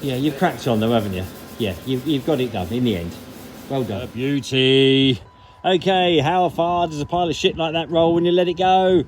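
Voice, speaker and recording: A man's voice: mid-range voice, normal speed, soft background music. A man hosting a casual vlog, talking bluntly and jokingly with plenty of swearing. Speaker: vlog host. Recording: outdoor noise, vehicles behind.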